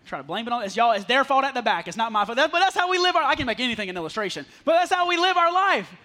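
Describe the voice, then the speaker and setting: Man, pastor, very high bright voice, chatty sermon style with jokes. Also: big pitch swings, racing. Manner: conversational, self-deprecating humor with the congregation. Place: church sanctuary. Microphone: handheld or headset mic.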